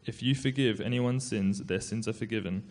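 A man reading the part of Jesus, a calm, gentle teacher, in a dramatic scripture reading. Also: on the low side, normal speed, slight background noise, close to an everyday voice.

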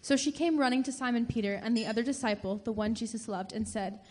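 A woman's voice: a little high, fast talker, few pauses, a little hiss or hum. Woman narrating scripture, earnest. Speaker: scripture reader. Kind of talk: dramatic scripture reading.

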